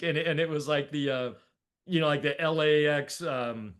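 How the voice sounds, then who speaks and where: Chatty man with a higher voice. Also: moderate pace, fairly bright tone. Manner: rambling, with many fillers and laughs. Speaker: guest. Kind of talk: casual storytelling in a podcast interview.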